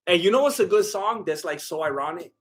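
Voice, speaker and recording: A man with a high voice for a man chats loosely on a live stream. He rambles, jokes and restarts his sentences as he reacts to chat. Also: expressive, brisk. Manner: rambling and joking, with lots of "like" and restarts; loose, chatty, breaks into bits of song.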